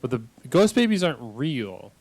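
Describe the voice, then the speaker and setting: A male comedy host with a lively, up-and-down delivery who plays it deadpan and patient. He restarts sentences often while bantering through an improvised bit. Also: mid-range voice, moderate pace.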